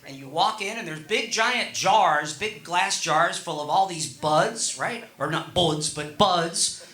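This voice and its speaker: Middle-aged man, stand-up comedian, rambling and teasing the crowd, high voice, echoey room. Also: slow pace, bright, forceful tone. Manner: rambling and conversational, teasing the audience. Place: comedy stage.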